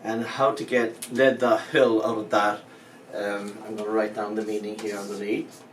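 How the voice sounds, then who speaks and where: A man's voice: fairly low pitch, flat delivery, moderate pace. Guy giving a language lesson, patient and a bit jokey, sounds a few feet from the mic. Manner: patient, explanatory, lightly joking. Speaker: language teacher. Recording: roomy echo, mic at a distance, faint background noise.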